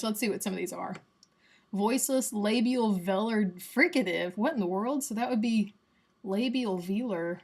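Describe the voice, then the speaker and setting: A woman's voice: medium pitch, vocal fry. A young woman with a Southern US accent, casually teaching phonetics on a livestream and sounding out examples aloud. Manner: chatty and playful, demonstrating sounds aloud.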